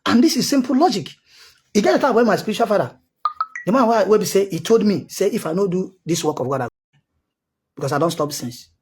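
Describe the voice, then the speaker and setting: A man's voice: high-pitched, animated, fairly quick, darkish tone, husky. A man with a Nigerian accent, a self-styled prophet, giving a heated, insistent commentary monologue that circles back on its points.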